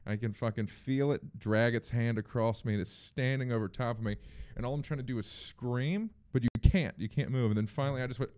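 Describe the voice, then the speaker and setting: A man's voice: medium pitch, a little fast, a little mellow. A man who is a comedian guest on a podcast, telling rambling stories with lots of swearing. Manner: profane, rambling storyteller. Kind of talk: casual chat.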